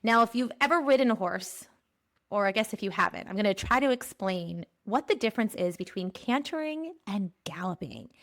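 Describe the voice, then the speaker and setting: A woman from Pennsylvania hosting a podcast, giving a spiritual monthly energy forecast in a playful monologue, laughing often and drawing out key phrases slowly. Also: medium pitch, animated, a bit bright. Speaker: podcast host.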